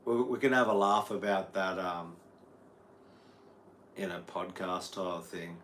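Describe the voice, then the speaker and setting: A man's voice: deep voice, unhurried, a bit bright, slight background noise. An Australian man, a guitar teacher, rambling casually on a livestream and answering viewers' chat. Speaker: guitar teacher streaming live.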